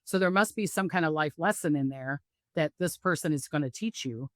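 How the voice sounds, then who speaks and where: A woman's voice: low voice, fairly quick, no echo, clean studio sound. A middle-aged woman, a psychic, talking casually in an interview and acting out the voices of people she quotes. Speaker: psychic medium guest. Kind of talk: casual spiritual interview talk.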